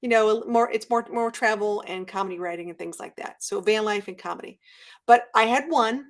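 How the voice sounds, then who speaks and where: A woman guest chatting casually in an interview, telling stories with lively acted-out quotes. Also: medium pitch, a little fast. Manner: animated storyteller, acts out quotes. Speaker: guest YouTuber.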